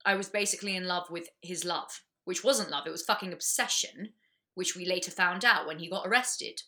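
A woman, a guest on a casual chat podcast, talking bluntly and swearing freely with lots of quick restarts. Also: fairly low pitch, pushed and bright.

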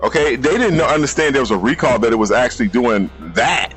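A man's voice: mid-range voice, animated, fast talker, over music, low-quality recording. A man co-hosting a podcast, talking bluntly and emphatically in casual movie chat, repeating himself. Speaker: podcast co-host.

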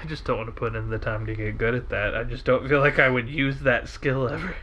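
A woman's voice: a bass voice, fairly even intonation, a little fast, fairly bright tone, a little hiss or hum. A woman co-hosting a podcast in a casual chat, dry and tired-sounding. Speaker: podcast co-host.

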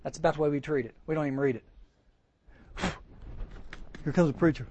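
A man preaching a storytelling sermon at a teen camp chapel, animated and acting out the voices he quotes. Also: fairly high pitch, a little fast.

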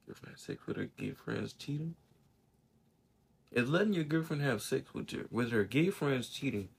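Man, mid pitch, husky, laid-back, wry, reads posts in casual chat. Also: expressive, moderate pace.

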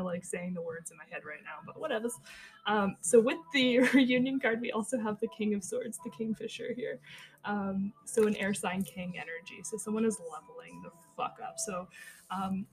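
A woman's voice: mid-range voice, low-quality recording. A woman hosting a podcast, giving a casual tarot reading, chatty and full of fillers and swearing, thinking aloud and stumbling over her words. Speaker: tarot reader and podcast host.

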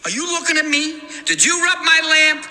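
A man's voice: extremely high pitch, animated, moderate pace, in a large hall, full character voice. An actor playing a brash, tough-talking male genie with a New York accent, blustering at someone in a cartoon film. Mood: indignant. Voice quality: shouting, blustery.

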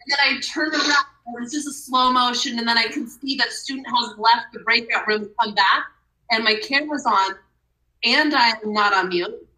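A woman who teaches and is a mother tells an embarrassing story in casual chat over a video call, laughing at herself. Her voice is slightly high and bright, with a forceful edge. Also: moderate pace, poor audio. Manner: self-deprecating, laughs while telling stories.

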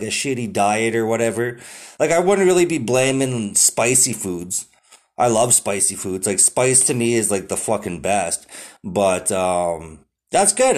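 A young adult man hosting a podcast, chatting casually about the news with constant swearing and lots of "like" fillers. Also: medium pitch. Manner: profane, rambling, heavy "like" fillers. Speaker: podcast host. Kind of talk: casual news-commentary chat.

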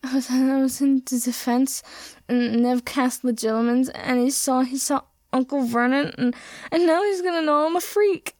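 A woman's voice: high voice, moderate pace, a little mellow, no echo, studio quality, pitched above the performer's own voice, close to an everyday voice. Harry, a woman doing a sobbing teenage boy. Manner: whimpering, stammering through tears.

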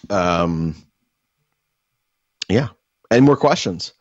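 A man's voice: mid-range voice, creaky, husky, dry recording, highs cut off. A young man co-hosting a podcast, telling rambling, profane stories in casual chat. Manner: swearing, rambling storyteller. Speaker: podcast co-host.

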